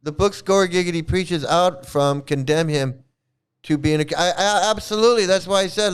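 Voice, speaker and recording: A man's voice: sits high, normal speed, clear, resonant tone. A man who used to be a devotee tells a story in a rambling, mocking way, often restarting his sentences and laughing as he talks. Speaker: channel host, former devotee. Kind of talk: casual storytelling rant.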